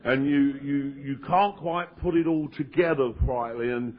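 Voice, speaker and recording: A man's voice: mid-range voice, normal speed. A man telling his recovery story at a meeting, acting out the quoted dialogue in raised voices. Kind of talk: personal recovery story told to an audience. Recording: dull lo-fi 1992 tape of a live talk.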